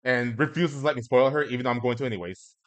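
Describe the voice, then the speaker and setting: Guy hosting a chat stream, average pitch, kinda hesitant, lots of ums and uhs. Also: quick pace. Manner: hesitant, many fillers and restarts, chuckling. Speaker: talk show host. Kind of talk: casual chat on a live stream.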